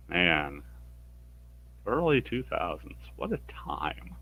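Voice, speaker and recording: A man's voice: lively intonation, normal speed, dry recording, phone-quality sound. A man streaming a game, reading its dialogue aloud with wry, sarcastic commentary. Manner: wry and sarcastic, bursts into higher pitch for characters' lines. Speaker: let's play streamer.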